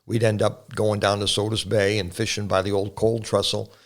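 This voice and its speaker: A man's voice: fairly low pitch, little pitch movement, moderate pace. An older man, a pastor, talking casually with his son and reminiscing about growing up with his family. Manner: reminiscing, earnest. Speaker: pastor and guest.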